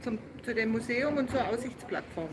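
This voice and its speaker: A woman walking with a vlogger outdoors, giving brisk directions a little away from the camera. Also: on the high side, expressive, noisy background. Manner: brisk, speaks German. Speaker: vlogger's cousin.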